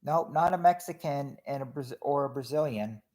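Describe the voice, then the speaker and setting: A man hosts a casual game night stream, ruling on guesses one after another. His voice sits in an ordinary middle pitch. He talks in a chatty, halting way, restarting words and letting lines trail off quietly. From Kentucky. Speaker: game host reading out guesses. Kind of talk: casual livestream game commentary.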